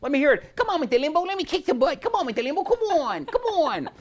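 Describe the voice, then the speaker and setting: A man's voice: very high voice, very animated, fast, pitched above the performer's own voice, exaggerated voice. A man doing a comic impression of a famous boxer, taunting and boastful.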